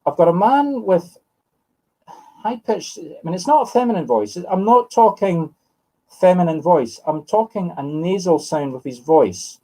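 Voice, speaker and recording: A little slow, with a warm tone and lively intonation, a high-pitched Scottish medium in his fifties muses aloud during live readings. He corrects himself as he speaks to sitters by name, and the audio is rough.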